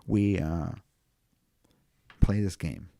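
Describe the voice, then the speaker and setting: A man's voice: low voice, very slow, gravelly, dark tone, no room sound, studio quality. A man, a funeral home owner, chatting casually on a podcast and telling rambling stories with plenty of swearing. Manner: profane, rambling storyteller.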